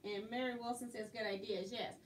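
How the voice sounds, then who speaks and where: A woman hosting a casual live quilting tutorial, chatty and quick to laugh. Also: a little high, steady tone. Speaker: quilting instructor and host. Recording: roomy, distant mic, faint noise.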